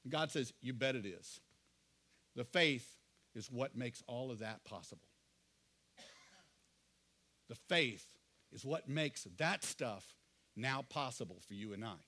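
A middle-aged male pastor preaching a sermon, earnest, often asking the congregation questions and dropping to quiet asides. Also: mid-range voice, expressive, unhurried, pauses often.

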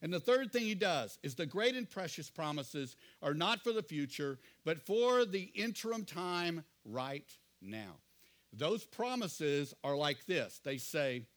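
A middle-aged male pastor preaching a sermon, earnest, often asking the congregation questions and dropping to quiet asides. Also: a little high, lively intonation, measured pace.

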